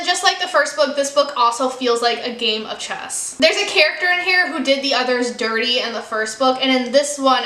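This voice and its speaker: A woman's voice: sits high, bright, forceful tone, reverberant. A woman from the United States chatting candidly in a casual book review vlog, with frequent "like" and "you know.". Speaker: book vlogger.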